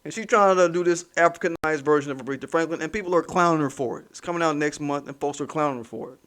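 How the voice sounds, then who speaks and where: A fairly high-voiced man hosts his own commentary vlog. He rants hard, swearing and mocking as he goes. He hammers his points home by saying them again and again. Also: fast talker, a bit bright. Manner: profane, heated, mocking, repeats himself for emphasis. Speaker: commentary channel host.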